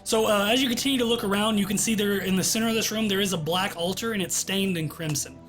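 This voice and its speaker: A man acting as game master, narrating a tabletop game in a relaxed, descriptive way over a voice call. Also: high voice, fast, faint music behind. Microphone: online voice call.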